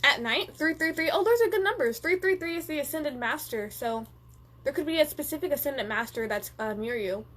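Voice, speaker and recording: A woman's voice: sits high, fairly quick. A young woman hosting a live stream, chatting casually and swearing freely as she reads viewer comments and answers them. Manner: animated, profane, reads viewer comments aloud.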